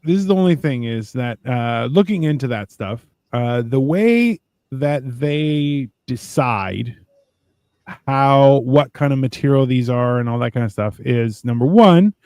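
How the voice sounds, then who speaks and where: A man's voice: mid-range voice, lively intonation, unhurried, a little mellow, smooth, no echo. A man hosting a casual livestream chat, ranting and sarcastic, with plenty of profanity. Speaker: podcast host.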